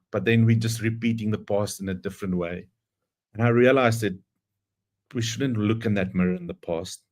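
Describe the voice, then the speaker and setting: A man speaks in a fairly low voice, delivering a motivational speech with earnest conviction. He tells a story as he goes and leans hard on the phrases he wants to land. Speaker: guest speaker.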